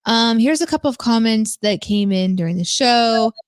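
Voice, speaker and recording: A woman co-hosting a live-streamed podcast, reading out viewer comments and musing on them in a relaxed, thoughtful way. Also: on the high side, moderate pace, no echo, clean studio sound. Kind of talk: casual live-stream chat.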